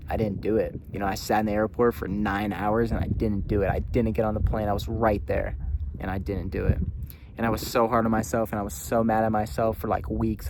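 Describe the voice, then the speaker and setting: A young man with a low, flat voice tells a personal story straight to camera. He rambles and leans on "like" constantly, open and unguarded. There is faint ambient noise behind him. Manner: rambling, heavy use of filler "like", candid. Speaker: vlogger.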